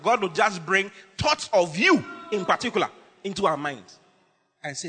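A man preaching a lively, humorous sermon as pastor, teasing his congregation with bursts of shouting. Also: high-pitched, a little fast, long reverb tail.

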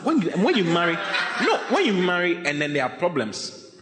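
A man preaching a sermon as pastor, animated and laughing often, acting out the voices of people he quotes. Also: sits high, normal speed, background noise. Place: church hall. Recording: echoey hall reverb.

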